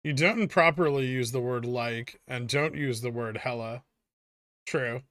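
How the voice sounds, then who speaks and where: A man's voice: medium pitch, measured pace, a bit bright, dry recording, clean studio sound. A man hosting a casual livestream, reading viewer messages aloud and answering them with irreverent jokes and the odd swear word. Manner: jokey, irreverent, swears freely. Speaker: livestream host.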